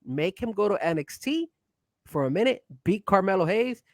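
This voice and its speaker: A man co-hosting a casual wrestling chat podcast, pushy and excitable, getting loud when he is hyped. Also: high voice, normal speed, no room sound. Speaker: co-host.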